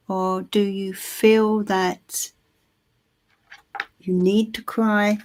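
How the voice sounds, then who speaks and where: A woman gives a live psychic reading, her voice sitting at a plain middle pitch. She soothes and reassures, calling the listener her love. She pauses often, trailing off into ums and starting phrases over. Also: level tone, darkish tone. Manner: halting, with many ums and restarts. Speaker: tarot reader.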